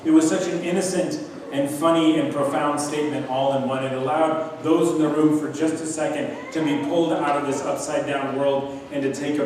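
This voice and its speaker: A pastor delivers an earnest sermon in a steady mid-range man's voice, pressing his points through repetition. His words echo through a large church sanctuary, picked up from a distance with a faint hum of room noise. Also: mid-range voice. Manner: earnest, emphatic, builds to repeated points. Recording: echoey church hall from far off.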